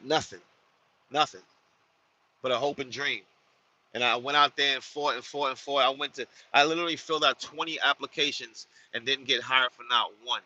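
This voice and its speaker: A man who drives trucks, talking casually to viewers in an animated, slangy way with lots of repetition. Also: mid-range voice, dull audio.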